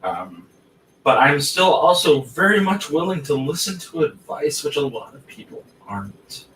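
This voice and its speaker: A man's voice: a little high, very animated, moderate pace, a bit bright, a little hiss or hum. A man hosting a casual chat, blunt and prone to swearing as he circles through his points. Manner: blunt, swears freely, self-interrupting. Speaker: podcast host. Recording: roomy, distant mic with faint ambience.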